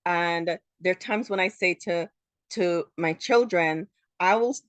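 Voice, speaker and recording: A woman's voice: on the low side, measured pace, fairly bright tone, no room sound. A woman from Jamaica who works as a therapist, hosting a solo podcast and explaining ideas earnestly, often repeating words as she goes.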